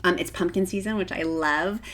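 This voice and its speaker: A woman vlogger with a slightly low voice talks casually to her camera. She is middle-aged, gushing and emotional, and sounds close to tears at times. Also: a little fast, a bit bright. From Virginia, United States.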